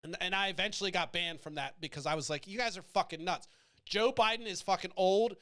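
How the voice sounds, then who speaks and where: High, bright-voiced man ranting bluntly. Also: fairly quick. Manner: blunt, provocative, swearing freely, goes off on tangents. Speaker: podcast host. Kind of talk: profane political rant.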